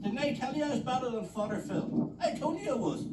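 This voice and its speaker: A man's voice: very high-pitched, animated, fast, echoey room, distant mic, heavy background noise. A man teasing his friend and boasting in a casual chat outdoors. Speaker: fellow detectorist.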